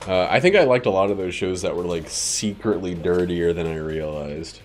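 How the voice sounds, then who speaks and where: Deep-voiced joking gamer man. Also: normal speed, a little hiss or hum. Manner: playful, joking, laughs often. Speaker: gaming channel host. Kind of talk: casual let's play chat.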